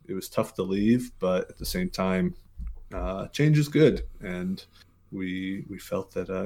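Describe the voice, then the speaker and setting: Give me a relaxed American man in his forties with a lowish voice, rambling through a story in an interview. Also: creaky. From Mississippi, USA. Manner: relaxed, rambling, many fillers and restarts. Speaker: podcast guest.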